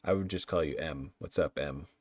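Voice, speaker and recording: A man's voice: a bass voice, a little fast, a little mellow, slightly rough, dry recording. A man chatting casually on a livestream while building a game map, playful and talkative as he answers viewer chat.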